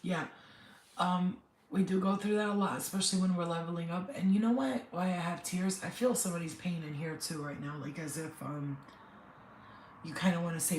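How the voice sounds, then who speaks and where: On a live stream, a middle-aged spiritual healer weeps and rambles emotionally, speaking right to her viewers. Her voice is fairly low, steady and darkish, a little fast, with echoey room sound and faint noise behind it.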